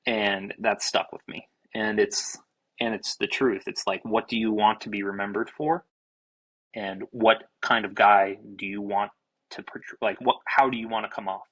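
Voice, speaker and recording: A young man, a baseball pitcher and podcast guest, telling a story in an animated, casual way, swearing freely and restarting his sentences. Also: normal speed, husky, low-quality recording. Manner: animated, self-described fiery, swears freely, many restarts.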